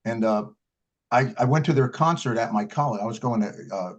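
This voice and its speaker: A man's voice: mid-range voice, brisk. An older man who plays blues harmonica, recalling his early years in a casual interview, rambling through stories with frequent restarts and fillers. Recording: dull lo-fi recording.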